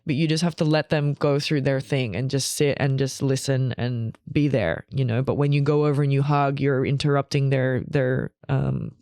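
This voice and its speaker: A woman chatting as a podcast guest, telling stories in a lively way, swearing freely and acting out the voices of people she quotes. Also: rumbling low, moderate pace, few pauses, no echo, clean studio sound. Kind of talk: casual podcast chat.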